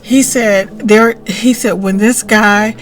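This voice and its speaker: A woman's voice: medium pitch, fairly even intonation, slow, faint music behind. A middle-aged woman hosting her own channel, telling a personal story in a rambling, chatty way that keeps interrupting itself. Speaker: channel host. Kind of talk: casual storytelling to camera.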